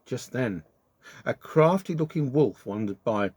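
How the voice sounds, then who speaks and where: Animated male storyteller, dry close sound. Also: medium pitch, measured pace, no room sound. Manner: expressive, lively storytelling. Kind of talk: children's story reading.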